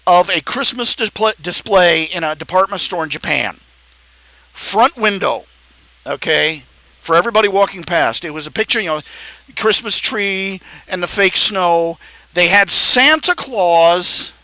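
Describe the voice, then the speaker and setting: A man hosting a live stream, talking in a casual, animated ramble, repeating phrases and laughing at his own jokes. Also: high-pitched, no echo, poor audio.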